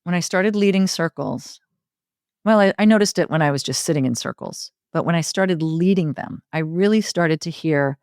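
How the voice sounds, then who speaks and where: A middle-aged woman telling stories in an interview, expressive and building long rhythmic lists. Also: on the low side, moderate pace, no echo, clean studio sound. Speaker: podcast guest, circle facilitator. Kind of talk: conversational interview.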